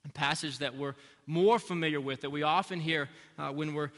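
A man preaches in a church sanctuary, his bright, somewhat high voice ringing with a long hall reverb. He speaks earnestly and repeats key phrases to drive them home. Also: steady tone, normal speed. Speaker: pastor. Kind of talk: sermon.

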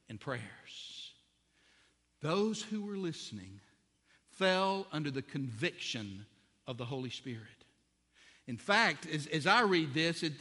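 Bright-voiced preacher in an echoing hall. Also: male voice. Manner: builds to loud, high-pitched emphasis at key points. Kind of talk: sermon. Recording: long reverb of a large hall.

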